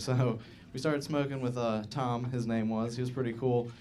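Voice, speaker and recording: With a flat, darkish mid-range voice, a twenty-something comic talks briskly with hardly any pauses during his comedy club stand-up set. He rambles laid-back, peppering lines with "uh" and "like", and the live club recording catches audible audience laughter.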